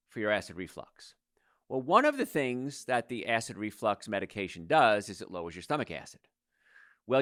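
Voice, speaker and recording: A man's voice: mid-range voice, fairly bright tone, dry recording, studio quality. A middle-aged man hosting a health talk, giving an informal, emphatic lecture to an audience and repeating his key advice.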